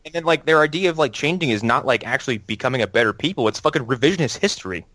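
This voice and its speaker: Young guy podcast cohost, lively, acts out quotes, swears a lot, dry sound. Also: medium pitch, rapid-fire, no echo. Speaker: podcast co-host. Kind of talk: casual chat.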